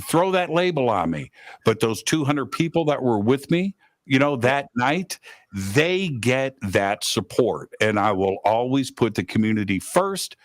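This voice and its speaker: A man's voice: mid-range voice, no room sound, studio quality. A man hosting a radio talk show, emphatic and repeating points for stress. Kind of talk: casual radio chat. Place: Los Angeles.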